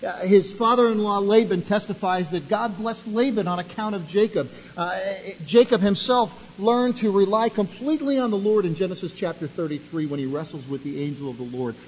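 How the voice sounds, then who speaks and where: A man preaching a sermon, telling a story with dramatic rises and sudden drops to a hush. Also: on the high side, big-room sound, poor audio. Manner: dramatic storytelling, swelling then dropping to near hush. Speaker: pastor.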